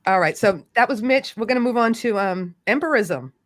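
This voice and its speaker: A woman hosting a casual live-stream chat, talkative, playful and quick to tease herself. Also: medium pitch, animated. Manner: chatty, playful and self-teasing. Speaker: host.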